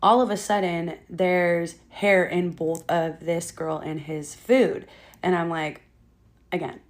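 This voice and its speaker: A woman's voice: lowish voice, steady tone, slow. Blunt young woman swearing through a storytime. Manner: blunt, exasperated, swears freely. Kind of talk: casual storytime.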